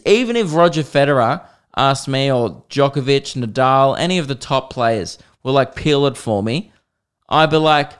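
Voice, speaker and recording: Aussie comedian bloke rambling on his podcast, mid-pitched, cursing a lot. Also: expressive, moderate pace, fairly bright tone, clean tone. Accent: Australian. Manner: rambling, swearing, jokey storytelling. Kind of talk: casual solo podcast monologue.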